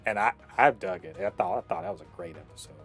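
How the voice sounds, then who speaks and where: Animated profane man reviewing shows. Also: deep voice, fast, husky, soft background music. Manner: animated, profane, frequent fillers and restarts. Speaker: podcast co-host reviewing shows. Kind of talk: casual chat.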